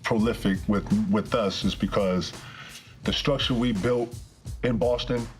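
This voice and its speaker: A man's voice: lowish voice, steady tone, unhurried, soft background music. A man speaking as a guest in a casual interview, talking in a reflective, loose and profane way.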